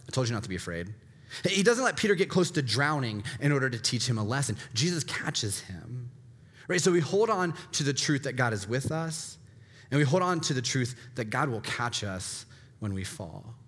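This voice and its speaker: A man's voice: mid-range voice, fairly bright tone. Pastor guy giving a sermon, earnest, keeps saying right?, big echoey church sound. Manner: earnest, repetitive preaching with rhetorical "right?". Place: church sanctuary. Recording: long hall reverb.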